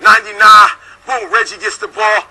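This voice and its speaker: A man giving a fiery motivational pep talk, preacher-like, punching his points with repeated "baby" and "boom". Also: completely flat delivery, normal speed, bright, forceful tone, low-quality recording. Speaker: motivational speaker.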